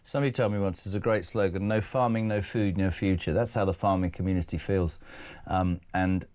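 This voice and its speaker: A man's voice: low-pitched, fairly even intonation, fairly quick, a little mellow. A British man hosting a breakfast talk show in a studio, impassioned and emphatic in his opinions. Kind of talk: opinionated talk radio presenting. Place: broadcast studio.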